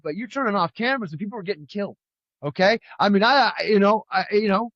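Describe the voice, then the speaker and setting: A man's voice: sits high, fast, a bit bright, dry recording, highs cut off. A man co-hosting a podcast, chatting casually about politics and telling stories, rambling, repeating himself and firing off emphatic rhetorical questions. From California. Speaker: podcast co-host.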